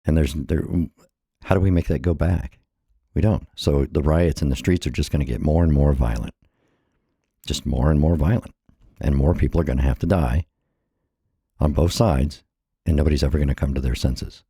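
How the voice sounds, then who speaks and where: Middle-aged man from the States, dark husky bass, a bit breathless, impassioned solo vlog rant. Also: moderate pace, long pauses, dry recording, studio quality. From United States. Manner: earnest, impassioned, repeats phrases. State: a little out of breath. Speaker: vlogger. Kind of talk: personal monologue.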